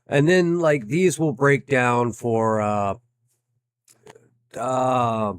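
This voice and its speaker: A man's voice: medium pitch, drawn-out words, clear, resonant tone, no room sound, studio quality. A man casually commentating his own gameplay, thinking aloud with plenty of fillers and restarts. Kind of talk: casual let's-play commentary.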